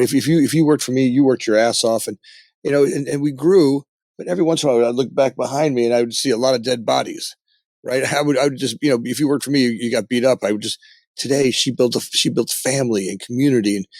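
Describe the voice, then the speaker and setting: A man's voice: mid-range voice, no echo. A middle-aged man, a company founder guest on a podcast, talking in a casual, reflective way, often restarting and tagging his lines with "right?". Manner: frequent restarts and tag "right?", earnest storytelling. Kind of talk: casual reflective interview talk.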